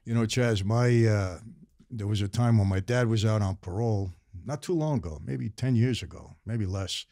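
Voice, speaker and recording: A man's voice: lowish voice, moderate pace, warm tone, dry recording. Emphatic older New York man, dry sound. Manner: earnest, emphatic, repeats for stress. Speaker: guest. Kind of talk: casual interview chat.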